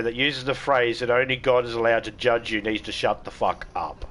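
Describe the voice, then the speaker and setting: A man's voice: medium pitch, fairly even intonation, normal speed, a bit bright. An Australian man streaming a game, chatting casually with irreverent jokes and plenty of swearing. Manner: joking, irreverent, swears freely. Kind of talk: casual gameplay chat.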